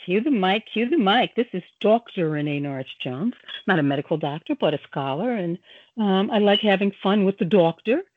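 A woman's voice: mid-range voice, animated, brisk, no echo, phone-quality sound. An older woman, a grandmother, hosting a community radio talk show in a playful, chatty way. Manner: playful, jokey, chatty with fillers. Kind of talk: casual radio chat. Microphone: studio microphone.

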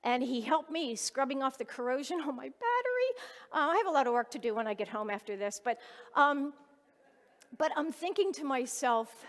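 High-voiced woman preaching in a reverberant hall. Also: animated, normal speed. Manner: earnest, conversational storytelling. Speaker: lay preacher. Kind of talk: sermon with personal story.

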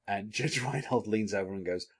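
A man's voice: lowish voice, moderate pace, a crowd in the background. A man hosting a podcast, chatting enthusiastically about a TV episode, with frequent chuckles and fillers. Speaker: podcast host. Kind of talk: casual TV episode discussion.

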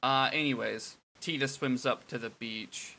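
Brief: man, co-host, dry wit, very bright tone. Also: medium pitch, measured pace, vocal fry, a little hiss or hum. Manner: dry, wry, joking. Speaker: podcast co-host. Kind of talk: casual chat.

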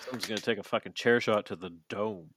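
A man's voice: fairly low pitch, fast, fairly bright tone, slight background noise. A man co-hosting a podcast in casual chat, swearing freely and rambling with lots of fillers. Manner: profane, rambling with many fillers. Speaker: podcast co-host.

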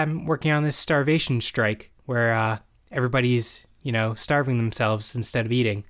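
A man in casual chat, recapping a show's plot and acting out characters' lines as he goes. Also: mid-range voice. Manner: animated recapping, acts out quoted lines. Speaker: podcast co-host recapping a show.

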